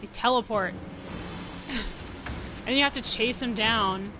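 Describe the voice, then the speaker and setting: A woman's voice: a little high, measured pace, noisy background. A young woman from New Mexico chatting casually while streaming a game. She rambles, laughs often and says "like" a lot. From New Mexico, USA. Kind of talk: casual live-stream commentary.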